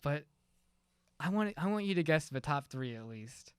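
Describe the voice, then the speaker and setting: A man's voice: fairly high pitch, animated, moderate pace, smooth, no echo, studio quality. A young man co-hosting a podcast, talking in a loose, rambling way with lots of fillers. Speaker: podcast co-host. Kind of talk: casual chat.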